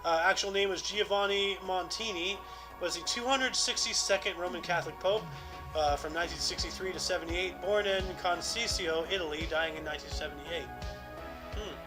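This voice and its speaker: A man's voice: sits high, brisk, rough recording. A man co-hosting a casual podcast, reading historical dates and rambling with lots of fillers. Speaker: podcast co-host. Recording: music playing underneath. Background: music.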